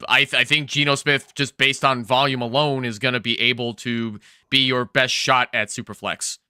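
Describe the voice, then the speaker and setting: A man co-hosting a fantasy football show, giving measured, explanatory advice with an occasional stammer. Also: medium pitch, flat delivery, pushed and bright, smooth, no room sound, studio quality. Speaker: co-host, fantasy football analyst. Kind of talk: casual sports analysis chat.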